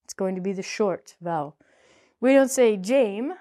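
A woman's voice: medium pitch, animated, moderate pace, mellow. Playful woman teaching English vowels. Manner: playful, chatty, jokes to herself. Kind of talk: casual spoken lesson.

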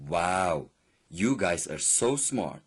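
Slow, deep-voiced host of a kids' show. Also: male voice, expressive, husky. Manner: slow, emphatic, addressing children. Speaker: children's program host. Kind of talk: children's TV presenting.

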